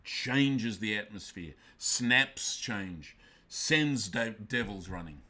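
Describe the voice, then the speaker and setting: A male pastor preaching a sermon emphatically, swinging from loud bursts down to quiet, intense lines. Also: on the low side, animated, slow pace.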